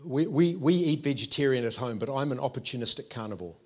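A man, preaching a sermon with animated storytelling and playful asides to the congregation. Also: mid-range voice, quick pace. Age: 50s.

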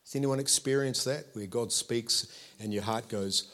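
A man in his fifties with a New Zealand accent, preaching a sermon in a conversational, animated way and checking in with his listeners. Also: medium pitch, moderate pace.

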